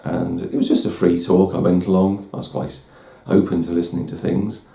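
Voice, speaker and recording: Low gravelly man, roomy echo. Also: little pitch movement, moderate pace, warm tone. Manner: candid, self-deprecating, with frequent restarts. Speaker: host. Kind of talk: reflective personal talk.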